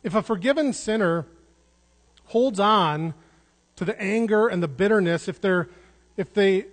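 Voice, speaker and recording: A man's voice: high voice, a little slow. A man preaching a sermon in an earnest way, restarting words and repeating phrases for emphasis. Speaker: pastor. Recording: long hall reverb.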